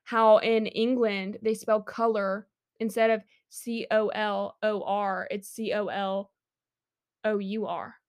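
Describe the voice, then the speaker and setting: A woman's voice: mid-range voice, level tone, takes it slowly, smooth. A woman co-hosting a podcast in casual chat, upbeat and chatty, going off on tangents. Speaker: podcast co-host.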